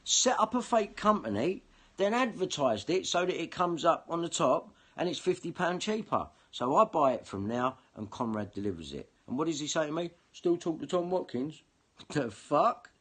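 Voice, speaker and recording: Speaking at a moderate pace, this vlogger has a slightly high, somewhat bright voice with big swings in pitch. His monologue to camera is an angry, confrontational rant full of swearing.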